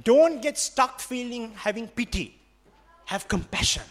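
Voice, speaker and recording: A man's voice: very high-pitched, expressive, measured pace, a bit bright. A man with a Sri Lankan accent preaching a sermon, emphatic and repetitive, switching between English and Sinhala.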